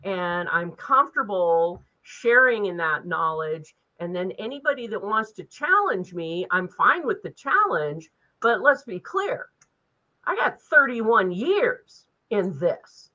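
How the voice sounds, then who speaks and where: A woman's voice: medium pitch, sing-song, slow, bright, forceful tone, low-quality recording. A woman in her fifties, a business advisor talking as an interview guest in a blunt, direct way with a sense of urgency. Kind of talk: casual interview talk.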